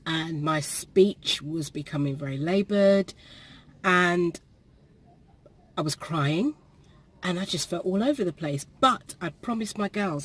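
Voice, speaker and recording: A woman, telling a personal story to the camera in a halting way, with pauses and restarts, while perspiring. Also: fairly low pitch, fairly bright tone, husky. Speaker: vlogger. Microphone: camera facing her.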